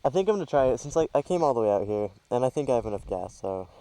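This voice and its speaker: A man's voice: medium pitch, very animated, rapid-fire, warm tone, poor audio. A man casually narrating a travel vlog outdoors into a handheld camera, rambling and hesitant with lots of fillers. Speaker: travel vlogger. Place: outdoors on a trail and a scenic overlook. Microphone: handheld camera mic.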